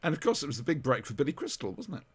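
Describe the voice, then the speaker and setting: Man, podcast chat, animated swooping voice, rambling, self-correcting. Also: medium pitch, racing, slightly rough. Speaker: podcast co-host. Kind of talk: casual chat reviewing TV comedy.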